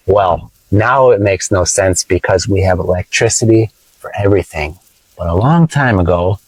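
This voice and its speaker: Brief: American man, lowish voice, playful teacher in a car, dry close sound. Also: a little mellow, dry recording, rough recording. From United States. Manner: playful, teasing, explains slowly with repetition. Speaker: English teacher vlogger. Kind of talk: casual teaching vlog. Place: inside a parked car. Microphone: phone camera held by his wife.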